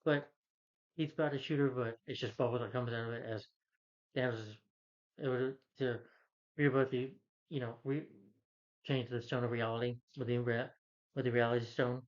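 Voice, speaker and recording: A man walks through a movie's plot in loose, rambling fashion, restarting sentences and tossing in quoted lines without changing his voice. His pitch sits in the middle of the usual range for a man. The recording sounds a bit dull and lo-fi. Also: fairly even intonation, moderate pace, pauses often. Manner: rambling, with many restarts and fillers; quotes characters in his own voice. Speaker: film reviewer. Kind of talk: casual plot recap.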